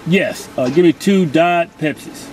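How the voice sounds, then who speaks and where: A man's voice: a little high, a little slow, a little mellow, slight background noise, low-quality recording. A middle-aged man co-hosting, ordering food and trading curses and banter in a car at a drive-thru. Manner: profane and scolding. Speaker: co-host.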